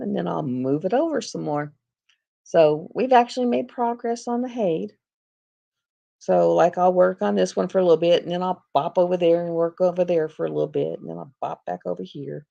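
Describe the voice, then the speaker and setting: A woman hosts a casual livestream, rambling chattily and laughing often as she tells stories. Her voice is lowish, gravelly and darkish, and the stream audio is dull and lo-fi.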